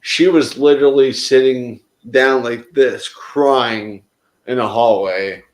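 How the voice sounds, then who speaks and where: A man's voice: medium pitch, slow pace, reverberant, poor audio. A man in casual group conversation, telling a heartfelt story in a rambling way, often restarting his sentences. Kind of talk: casual chat.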